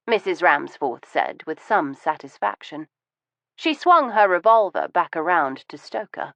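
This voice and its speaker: A woman narrating a novel in first person, in a measured, even storytelling voice. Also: fairly low pitch, no room sound. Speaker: audiobook narrator.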